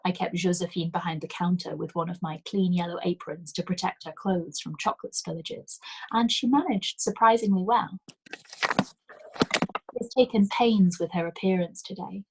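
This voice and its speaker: A woman reading a novel aloud as a bedtime storyteller, in a calm, measured way. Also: fairly low pitch, slightly rough, poor audio.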